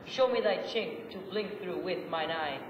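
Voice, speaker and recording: A man's voice: sits high, normal speed, dull audio, lightly acted. A young man playing lovesick Pyramus in an amateur rehearsal, declaiming in an overwrought mock-tragic way. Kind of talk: amateur Shakespeare rehearsal, goofing around. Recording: echoey room, far from camera, noisy.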